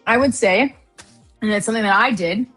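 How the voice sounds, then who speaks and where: Casual woman explaining trades, soft music. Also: fairly high pitch, a little fast, slightly rough, low-quality recording. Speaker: trading stream co-host. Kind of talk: live-stream trading chat. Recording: faint music in the background.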